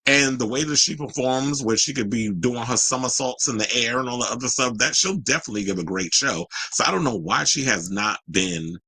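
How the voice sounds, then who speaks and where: A man hosting a casual commentary show and reading viewer comments in an animated, sassy, outspoken way. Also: medium pitch, breathy edge, dry recording, poor audio. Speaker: host.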